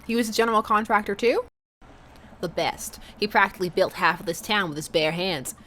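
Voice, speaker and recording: A woman's voice: mid-range voice, brisk, bright, forceful tone, slight background noise, natural voice. A woman voicing a burly, easygoing male dad, a competitive contractor, in a put-on fake Southern accent with a teasing, folksy drawl. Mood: laid-back.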